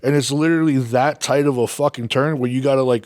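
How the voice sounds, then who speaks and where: A man's voice: mid-range voice, steady tone, a little fast, hardly any pauses, a little mellow, no echo. A man hosting a podcast, telling a rambling casual story full of swearing and laughing at himself. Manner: rambling, heavy swearing, laughs at his own stories. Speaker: podcast host.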